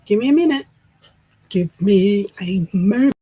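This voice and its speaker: An Australian woman hosting a casual livestream, excitable and breathless with frequent sighs. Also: mid-range voice, measured pace, husky, poor audio. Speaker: livestream host.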